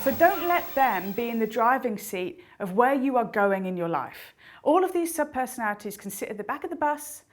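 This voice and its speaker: A woman explaining inner personalities in a lively, animated motivational talk. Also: fairly high pitch, normal speed, soft background music. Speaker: speaker on intuition.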